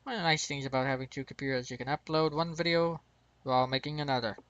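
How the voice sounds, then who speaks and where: A man's voice: mid-range voice, steady tone, fast talker, fairly bright tone, lo-fi sound. An American man hosting his gaming channel, rambling through casual gameplay commentary and chuckling at his own mistakes. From United States.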